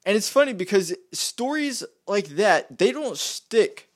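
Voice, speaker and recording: Young male vlogger, lively rambling rant, higher-pitched voice, mocking tone. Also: unhurried. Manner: rambling, repeats himself, mocking. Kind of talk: casual political rant.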